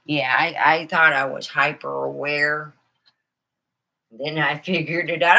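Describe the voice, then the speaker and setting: A woman's voice: low voice, steady tone, takes it slowly, creaky, pushed and bright. A middle-aged woman telling rambling comic stories in a chatty, meandering way. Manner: chatty, meandering, many fillers. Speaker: comedian. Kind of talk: rambling stand-up storytelling.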